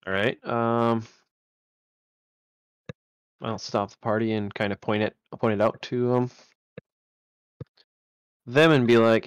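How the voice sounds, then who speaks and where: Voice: mid-range voice, fairly even intonation, slow, long pauses, clean tone, dry recording. A player in a tabletop game, chatting casually and hesitantly with lots of ums.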